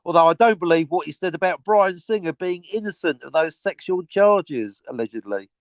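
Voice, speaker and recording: Abrasive high-voiced man. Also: animated, normal speed, dry recording. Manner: abrasive, mock-aggressive, sarcastic. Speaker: stream host. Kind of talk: casual profane banter.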